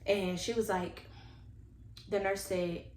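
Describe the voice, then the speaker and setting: A woman tells a personal story to her viewers, earnest and animated as she talks to them directly. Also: medium pitch, slow. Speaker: vlogger telling a personal story. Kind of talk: casual storytime monologue. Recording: echoey room with faint background noise.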